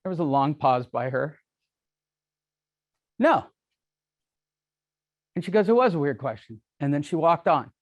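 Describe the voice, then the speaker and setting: A man's voice: fairly high pitch, lively intonation, unhurried, long pauses, dry recording, dull audio. A middle-aged man giving a live seminar talk to a room, brash, joking and self-deprecating. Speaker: real estate speaker. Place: meeting room with audience.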